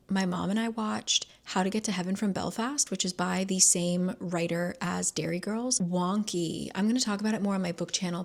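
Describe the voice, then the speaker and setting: A woman's voice: medium pitch, vocal fry. A woman vlogger chatting casually, rambling with lots of fillers. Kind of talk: casual chat.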